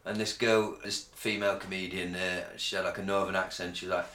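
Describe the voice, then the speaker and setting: A man's voice: sits low, brisk, roomy sound. A man from England co-hosting a podcast in casual chat, sweary and rambling, telling stories with lots of energy. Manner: sweary, rambling, animated storytelling. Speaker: podcast co-host.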